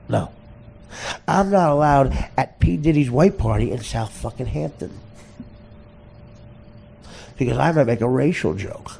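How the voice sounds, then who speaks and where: Gravelly man on a wild rant. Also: a little hiss or hum. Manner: swings between loud shouted bursts and low muttering; heavy cursing, repeats and stammers. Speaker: podcast host. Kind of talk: profane comedic rant.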